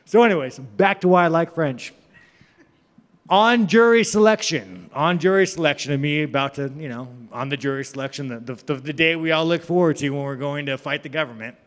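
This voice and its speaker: A man's voice: fairly high pitch, moderate pace, fairly bright tone. A young man telling a rambling, profane story about himself, laughing at his own jokes. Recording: long hall reverb.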